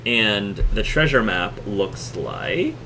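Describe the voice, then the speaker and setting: Brief: halting, low-pitched male game master narrating a tabletop session over a noisy hum. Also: lively intonation. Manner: halting, many ums and restarts.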